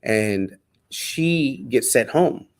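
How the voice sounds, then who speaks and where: Animated man telling his story. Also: mid-range voice, very slow. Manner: animated, acts out quotes. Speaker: guest. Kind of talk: casual storytelling.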